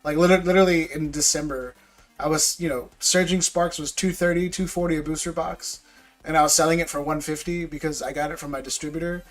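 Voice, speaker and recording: A livestream card seller keeps things laid-back, chatting with viewers and calling them bro while selling trading card packs. His voice is on the high side with fairly even intonation and a slightly fast pace, and faint music plays in the background.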